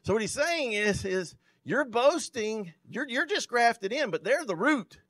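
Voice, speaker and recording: A male pastor preaching a sermon, reading scripture aloud and explaining it with emphatic swells in loudness. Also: very high-pitched, big pitch swings, a little slow, no echo. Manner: loudness rising and falling sharply for emphasis.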